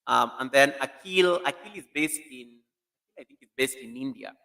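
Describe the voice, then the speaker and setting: A man's voice: mid-range voice, moderate pace, vocal fry, bright, forceful tone. A man hosting a casual live stream, animatedly greeting viewers by name while testing a new computer mic in an echoey room.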